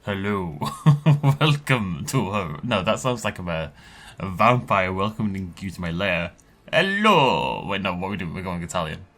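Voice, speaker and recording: A man's voice: low-pitched, moderate pace, a bit bright. An Irish man hosting a gaming video, talking casually and playfully as he plays, with frequent laughs. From Ireland. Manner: playful, jokey, laughs often. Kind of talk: casual let's play commentary.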